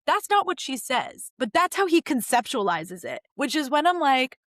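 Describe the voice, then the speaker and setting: A young woman hosts a podcast, recapping a TV series in a lively, casual way, cursing freely and acting out the characters' lines in a raised voice. Her voice is high-pitched and her pace is normal. The studio recording is clean, with no echo.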